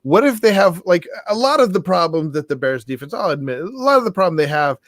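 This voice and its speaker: A playful man from the American South co-hosting a sports podcast. He talks briskly in a fairly high voice. The sound is dry and close to the mic. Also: sing-song, a bit bright, dry recording. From Southern United States. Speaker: podcast co-host. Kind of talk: casual sports chat.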